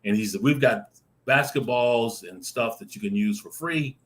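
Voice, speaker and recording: A man on a video call telling a lively personal story, acting out the voices in it and laughing often. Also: mid-range voice, normal speed. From Arizona. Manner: animated, acts out voices in his stories, laughs often. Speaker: guest storyteller. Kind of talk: casual anecdote telling.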